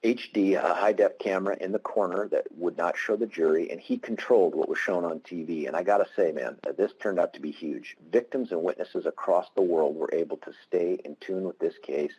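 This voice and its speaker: A man's voice: sits low, fairly quick, hardly any pauses, darkish tone, breathy edge, muffled recording. A man, a prosecutor, giving a webinar presentation over a computer mic, candid and anecdotal with self-deprecating humor.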